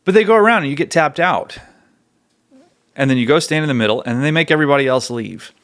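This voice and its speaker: A man in his forties hosting a podcast, telling stories in a casual way and turning animated and emphatic, with loud bursts. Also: on the high side, quick pace. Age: 40s. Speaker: podcast host.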